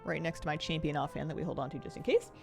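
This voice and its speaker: A woman game streamer chats casually while she plays, rambling and thinking aloud with easy laughs. Her deep, creaky voice is steady in tone and rapid-fire, with music in the background.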